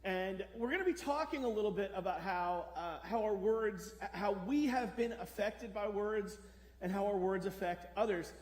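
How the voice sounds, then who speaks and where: A man's voice: high-pitched, moderate pace, a crowd in the background. A man preaching a sermon as pastor, talking conversationally and putting questions to the congregation. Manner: conversational, asks the audience questions. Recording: echoey church hall.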